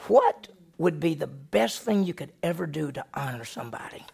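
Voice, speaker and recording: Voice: medium pitch, expressive, moderate pace, vocal fry, darkish tone, breathy edge, full character voice. A storyteller voicing an ancient king who speaks plainly and decisively. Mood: commanding.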